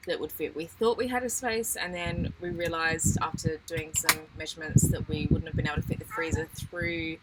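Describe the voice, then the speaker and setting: A woman's voice: deep voice, fairly even intonation, brisk, few pauses, very noisy. An Australian woman in her thirties co-hosting a casual live-stream chat about sailing life, explaining things patiently and laughing often. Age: 30s. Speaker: sailing channel co-host.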